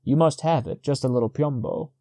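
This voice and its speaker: A man voicing a talkative, boastful old village fisherman who speaks rapidly and insistently. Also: medium pitch, dark tone, dry recording, natural voice. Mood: excited.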